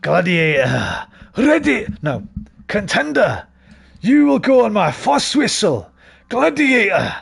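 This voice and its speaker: A man doing a rough Scottish accent as a stern game-show referee calling out starting commands. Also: sits high, wildly swooping pitch, pitched above the performer's own voice, full character voice. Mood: commanding. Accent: Scottish, badly imitated. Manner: slow, drawn-out barked commands.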